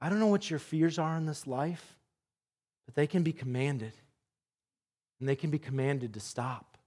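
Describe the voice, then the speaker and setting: High-voiced pastor, animated sermon. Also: male voice, moderate pace. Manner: animated storytelling, swings between loud and soft.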